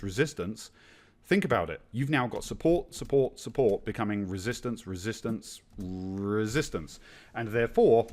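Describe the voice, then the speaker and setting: Patient man teaching chart analysis. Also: lowish voice. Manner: patient, repetitive explaining with analogies and rhetorical questions. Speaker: webinar presenter, market analyst.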